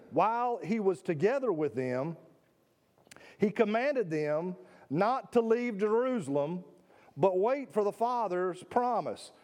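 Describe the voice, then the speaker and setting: A man's voice: sits high, animated, takes it slowly, darkish tone. A man preaching a sermon to his congregation in a church sanctuary, emphatic, often repeating words and asking questions of his listeners. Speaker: pastor.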